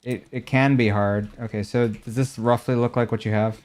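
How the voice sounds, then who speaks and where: This young gaming streamer speaks at medium pitch and a moderate pace, his tone steady and a little mellow. He chats casually while showing off game skins, fielding viewer questions about gear and ranks.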